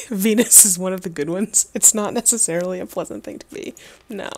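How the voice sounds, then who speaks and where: A woman's voice: medium pitch, normal speed, a little mellow. A young adult woman streaming, reading a game's text aloud with wry, laughing asides and casual swearing.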